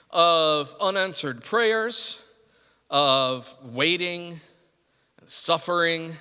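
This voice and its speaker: A man's voice: on the high side, sharp tone. A man with an American accent preaching a sermon as pastor, mixing announcements and casual, self-deprecating asides to the congregation. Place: church sanctuary. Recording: long hall reverb.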